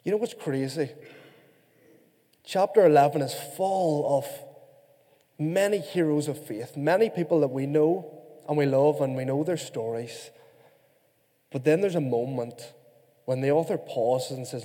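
A man from Ireland preaching a sermon, his voice high and mellow. He is animated and playful with the congregation, and his words carry a long hall reverb. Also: unhurried, pauses often. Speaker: pastor.

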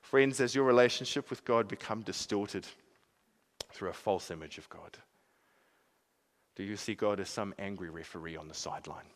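A man preaching a sermon in an earnest way, swinging from emphatic peaks to quiet, soft passages. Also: on the low side, normal speed, long pauses.

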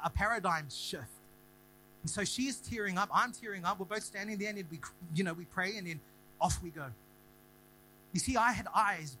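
A young man preaching a sermon, telling a story and building to loud, rhythmic declarations. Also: sits high, poor audio. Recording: faint music and mains hum behind.

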